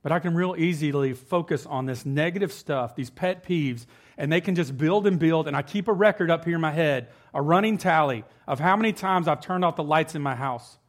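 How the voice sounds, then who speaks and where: A man's voice: fairly high pitch, a little fast. A man in his thirties preaching with mock-serious sarcasm, talking conversationally with many fillers. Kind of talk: sarcastic sermon.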